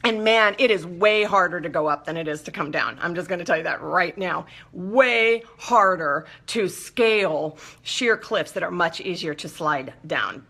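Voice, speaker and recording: A woman hosting a talk show, telling a personal story in a lively, chatty way with playful asides. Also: on the low side, normal speed, vocal fry, hardly any pauses. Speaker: show host.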